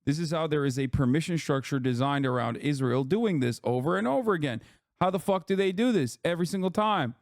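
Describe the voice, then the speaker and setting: A man's voice: a little high, expressive, a little fast, no echo, clean studio sound. A man hosting a live stream, reacting to clips with blunt, profane, sarcastic commentary. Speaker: streamer host.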